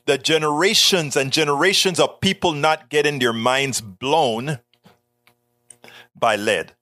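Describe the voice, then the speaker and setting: A man hosting a political talk show, reading news articles aloud and breaking off into animated, sarcastic asides. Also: fairly high pitch, a little slow, no echo. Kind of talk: live-stream commentary reading news.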